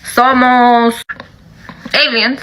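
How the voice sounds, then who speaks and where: A woman chatting casually to camera in an animated way, switching between two languages. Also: fairly high pitch, very slow, background noise. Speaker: video creator.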